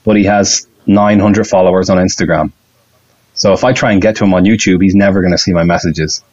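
Rambling, excitable male podcast guest with a low voice; recorded on dull, lo-fi audio. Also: fairly quick. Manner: excitable, rambling, laughs often. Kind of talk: casual podcast chat.

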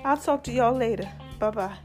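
Chatty high-voiced woman host. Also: fairly quick, over music. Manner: chatty and animated, laughs often, calls listeners y'all and baby. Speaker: podcast host. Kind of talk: casual monologue to listeners.

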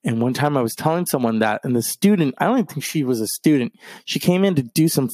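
A man's voice: mid-range voice, lively intonation, fast, darkish tone, no room sound. A man hosting a podcast, rambling casually through anecdotes in a loose storytelling way. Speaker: podcast host. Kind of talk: casual monologue.

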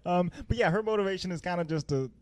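A man in casual conversation, recapping a movie, playful and quick to laugh, with many fillers. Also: high voice, a little mellow.

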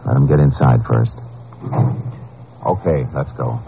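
An actor playing a calm, firm lawman who also narrates, in a 1950s radio drama. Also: extremely low pitch, unhurried, vocal fry, heavily acted. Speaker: Texas Ranger lead and narrator. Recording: dull lo-fi old radio recording with hiss.

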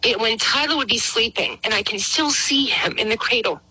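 A woman's voice: a little high, moderate pace, sharp tone, a little hiss or hum, poor audio. A middle-aged woman calling in to tell her personal story, emotional and rambling, acting out things she once said. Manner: emotional, rambling, acts out her own past words. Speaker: guest caller. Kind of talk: personal testimony.

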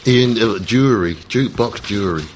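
A man, co-hosting a casual football podcast and telling stories in an animated way, mimicking fans as he goes. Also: fairly low pitch, normal speed, a little hiss or hum. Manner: animated storyteller, mimics fans' voices. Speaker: podcast co-host.

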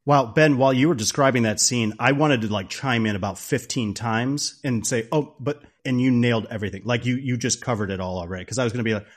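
A man's voice: medium pitch, fast, few pauses. A man with a mid-range voice co-hosts a film podcast. He is enthusiastic and playful, adding little asides. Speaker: podcast co-host. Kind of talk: casual podcast film discussion.

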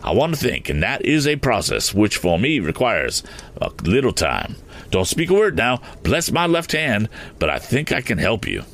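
A man voicing an excitable, eccentric gentleman motorist who rambles and keeps exclaiming fussy oaths in a storybook reading. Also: lowish voice, normal speed, exaggerated voice. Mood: excited.

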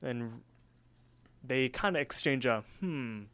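A man co-hosting a podcast, telling stories in an animated way and swearing casually. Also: mid-range voice, measured pace. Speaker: podcast co-host. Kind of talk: casual chat.

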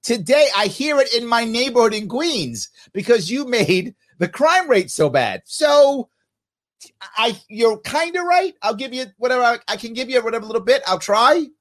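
A man's voice: extremely high pitch, big pitch swings, normal speed, fairly bright tone. A man hosting a podcast, delivering mocking, sarcastic political commentary. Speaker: podcast host.

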